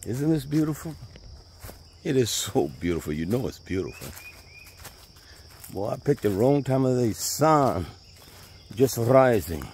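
Pausing at length, a man with a medium-pitched, darkish voice speaks a little slowly but very animatedly. He's on a casual walking tour of his property beside a pond, chatting folksy-style in Southern US speech, with faint birds and insects outdoors.

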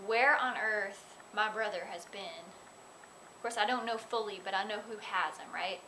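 A woman actress telling a lively on-set story in an interview, chatty and full of "like". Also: medium pitch, a little slow, slight background noise. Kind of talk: animated anecdote in interview.

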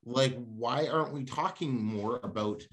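A man hosting a casual car podcast, talking in an animated, ranting way. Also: mid-range voice, a little slow.

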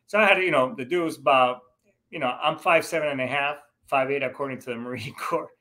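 A man's voice: mid-range voice, a little fast, sharp tone. A middle-aged man and Marine veteran telling a personal story to his viewers in a casual, rambling way, full of "you know" fillers and restarts. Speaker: show host, Marine veteran.

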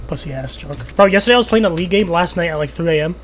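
A young man streaming a team shooter game, trash-talking his friend with crude jokes and sudden excited yells. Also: fairly high pitch, racing, hardly any pauses. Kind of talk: casual gaming chat.

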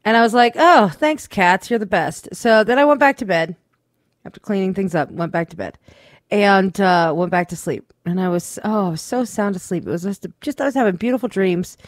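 A woman co-hosting a radio show, telling a weekend story in casual, swearing, animated chat. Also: medium pitch, a little fast, no echo, studio quality. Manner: chatty storyteller, swears freely, acts out quotes.

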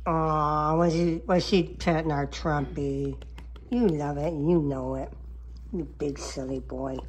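A woman's voice: low voice, fairly even intonation, slow, slight background noise. A woman talking baby talk to her cats at home, cooing and sometimes whispering in a sing-song way. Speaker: cat owner filming her cats. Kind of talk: casual baby talk to pets. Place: home, at a table with coffee.

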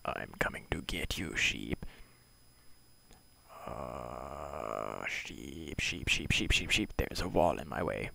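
A man talking to himself in deadpan, mock-solemn mutters and half-whispers while playing a video game. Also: a bass voice, slow, gravelly, poor audio. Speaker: gamer playing a block-building game.

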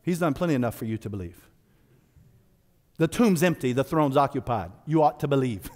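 A man preaching a sermon as pastor, animated and playful, slipping into casual voiced asides. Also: a little high, fairly quick, big-room sound. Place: church sanctuary.

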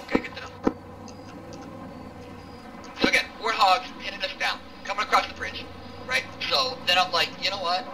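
A young man telling a rambling, profane war story in casual voice chat over loud vehicle noise. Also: sits high, creaky, far from the mic. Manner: rambling, profane, fast and animated. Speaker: milsim squad member telling war stories.

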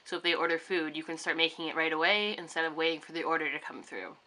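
A woman's voice: low voice, quick pace, pushed and bright. A young woman vlogging in her bedroom, chatting casually and rambling with lots of fillers. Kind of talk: casual vlog chat. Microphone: camera on a tripod facing her.

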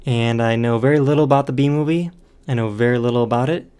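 A man's voice: mid-range voice, quick pace, warm tone, smooth. A man reading a film script aloud in one take, in a plain, unexaggerated tone, stopping now and then for dry remarks on the text. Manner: stumbles and stops to remark on the text. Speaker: online video host.

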